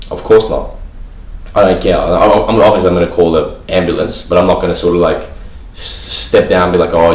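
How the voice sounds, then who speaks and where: A man's voice: low-pitched, a little mellow. A man vlogging casually to camera, rambling with many fillers. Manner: rambling, heavy fillers like "you know" and "like". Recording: echoey room, voice a bit far from mic.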